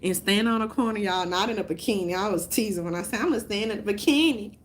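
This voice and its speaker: A woman vlogging in a casual, rambling rant, swearing often, laughing, and swinging between loud outbursts and mutters. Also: mid-range voice, fast talker, a little hiss or hum. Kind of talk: casual chat.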